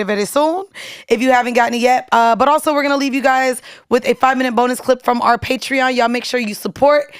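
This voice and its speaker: Smooth higher-voiced woman podcast co-host. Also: no room sound, studio quality. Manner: reflective, conversational, stammers at times. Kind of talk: casual chat and show sign-off. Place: studio.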